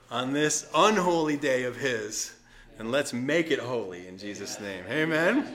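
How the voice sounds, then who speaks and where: Animated storytelling male pastor. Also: medium pitch, unhurried. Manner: animated storytelling with acted voices and asides. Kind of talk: sermon.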